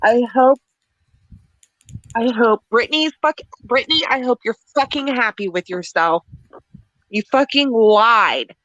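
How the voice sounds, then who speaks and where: Livestream guest, woman, somewhat high pitch, dry close sound, angry profane venting. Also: expressive, moderate pace, no echo, muffled recording. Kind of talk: upset livestream chat.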